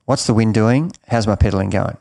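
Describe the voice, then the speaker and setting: A man's voice: lowish voice, a little fast, gravelly, darkish tone, no room sound, studio quality. A middle-aged man giving emphatic coaching advice in an interview, often repeating and restarting his words. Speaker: triathlon coach.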